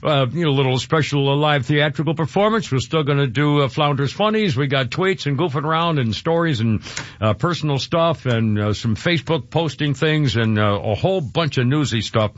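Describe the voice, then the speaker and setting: A man's voice: fairly high pitch, a little fast, no echo, lo-fi sound. A man hosting a talk radio show, emotional and rambling, with many restarts and fillers.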